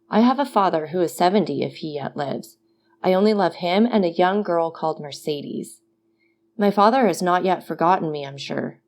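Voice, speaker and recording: A woman's voice: on the low side, a little mellow, slight background noise, close to an everyday voice. A woman voicing a desperate young male prisoner who pleads fervently. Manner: fervent, imploring.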